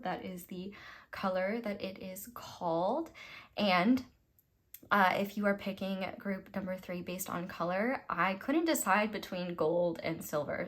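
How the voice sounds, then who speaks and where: A young woman reading tarot for her viewers in a casual, rambling way, laughing often at her own jokes. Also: medium pitch. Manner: giggly, rambling, self-deprecating. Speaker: tarot reader.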